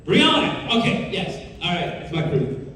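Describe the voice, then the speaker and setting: A man answering fan questions on a convention panel in a jokey, animated way, laughing often. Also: a little high, normal speed. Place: large convention hall. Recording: echoey hall, distant mic, crowd and noise. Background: audience crowd.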